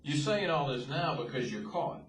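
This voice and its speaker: A man's voice: fairly high pitch, animated, normal speed, echoey room, distant mic, soft background music, poor audio. A man reporter asking probing, skeptical questions in an interview. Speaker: TV news reporter.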